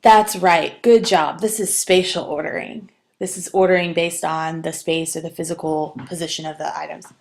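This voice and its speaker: A woman's voice: low-pitched, level tone, moderate pace. A woman giving a recorded writing lecture, explaining patiently with some fillers and restarts. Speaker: writing instructor.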